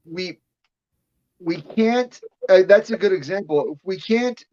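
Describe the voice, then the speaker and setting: A man's voice: high voice, expressive, measured pace, a little mellow. A man co-hosting a casual livestream chat, arguing his points rhetorically. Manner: argumentative, building points rhetorically. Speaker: podcast co-host. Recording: slightly dull lo-fi audio.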